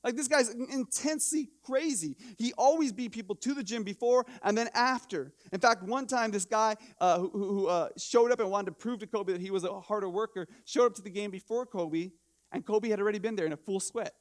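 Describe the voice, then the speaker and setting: Pastor guy preaching, high voice, lots of "you know what i'm saying", restarts a bunch. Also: brisk. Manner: animated, conversational preaching with repeated rhetorical questions and many restarts. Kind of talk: sermon. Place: church.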